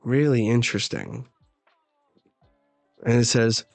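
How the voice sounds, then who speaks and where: A man hosting a live manga chapter reaction, who talks in an unhurried, hesitant way with many filler words. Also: fairly low pitch, no echo, soft background music.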